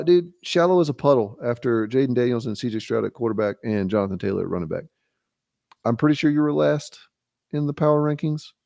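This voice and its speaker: Gravelly, teasing man roasting his friends. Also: mid-range voice, warm tone, no room sound, studio quality. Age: late 30s. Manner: teasing, self-mocking, mock-exasperated rants. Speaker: fantasy league commissioner. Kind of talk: casual joking league recap.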